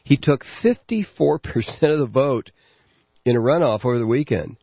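Man, talk radio host, sarcastic political monologue, husky tone, dry muffled lo-fi sound. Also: medium pitch, no echo. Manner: sarcastic, animated, halting with many fillers.

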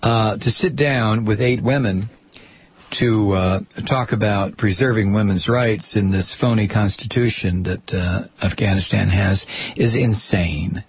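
Gravelly, husky male commentary host. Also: fairly low pitch, unhurried, no room sound, muffled recording. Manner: blunt and sarcastic, rambling. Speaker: host of his own program. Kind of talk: political commentary monologue.

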